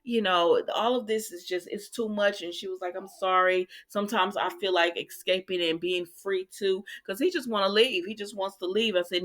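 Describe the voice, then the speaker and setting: A chatty woman with a drawl, recapping a soap opera episode for her viewers. She talks at a mid pitch in a loose, conversational way and slips her own opinions in between the quoted lines. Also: steady tone, normal speed, few pauses, fairly bright tone. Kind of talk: casual chat, recapping a TV episode.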